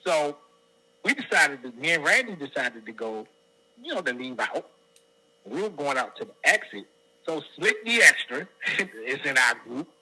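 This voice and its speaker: A middle-aged man from the Washington DC area tells a story in an interview, his voice very bright and forceful. His pitch swings widely as he acts out what other people said. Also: big pitch swings, moderate pace, husky, rough recording. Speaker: guest singer.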